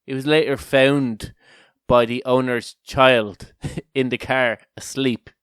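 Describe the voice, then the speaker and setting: A man's voice: medium pitch, fairly even intonation, slow, fairly bright tone, clear, resonant tone, no echo, studio quality. A man co-hosting a casual podcast, joking around, laughing often and telling rambling stories. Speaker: podcast co-host.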